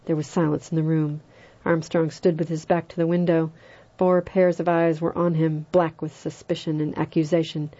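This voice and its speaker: A woman narrating an audiobook in a steady, even way. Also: deep voice, moderate pace, dull audio. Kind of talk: audiobook reading.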